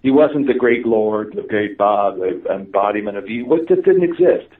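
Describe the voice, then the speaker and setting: Male guest, lively storyteller, wide pitch swings, distant tinny audio. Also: normal speed. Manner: animated, laughing, many fillers and restarts. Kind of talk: casual storytelling in conversation.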